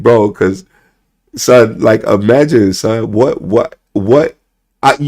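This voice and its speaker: A man's voice: low-pitched, darkish tone. A young man ranting casually to his stream chat, rambling, swearing and repeating "bro" and "son" constantly.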